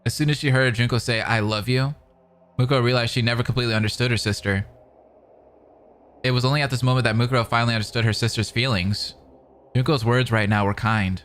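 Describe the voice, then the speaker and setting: A man's voice: medium pitch, fairly bright tone. A young man streaming, reading a novel aloud between rambling, filler-heavy casual chat with viewers. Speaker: streamer reacting to a fan dub.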